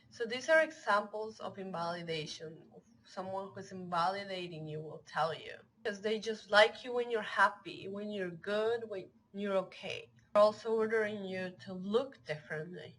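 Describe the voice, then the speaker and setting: A woman's voice: mid-range voice, normal speed, few pauses, a bit bright, a little hiss or hum, poor audio. A young woman talks earnestly about emotional health in a mid-range voice. She teaches by working through long lists of example phrases, one after another. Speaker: online wellness teacher. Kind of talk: talking-head educational talk.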